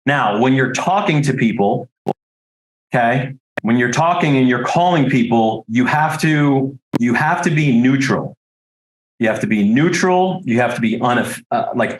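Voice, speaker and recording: A man giving a training talk to life insurance agents, direct and coaching, checking in often with "okay?" and "right?". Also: medium pitch. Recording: roomy echo.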